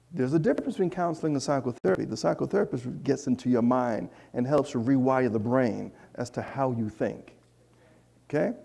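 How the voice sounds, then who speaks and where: Man, preacher, animated storytelling sermon, higher-pitched voice, gravelly edge. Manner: animated, chatty storytelling with asides to the congregation. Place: church.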